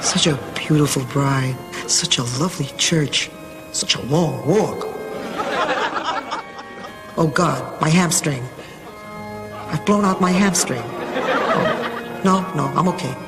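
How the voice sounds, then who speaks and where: A woman's voice: low voice, slow, pauses often, a loud crowd. An actress playing an elderly, theatrical mother of the bride in a sitcom, delivering dry inner thoughts. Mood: wry. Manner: dry, self-dramatizing. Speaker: sitcom character. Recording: inner voice under loud music.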